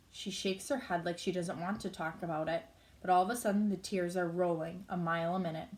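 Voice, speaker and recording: A woman's voice: fairly low pitch, fairly even intonation, moderate pace. A woman reading a novel aloud in a plain, unpolished way, with small slips she corrects as she goes. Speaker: reader.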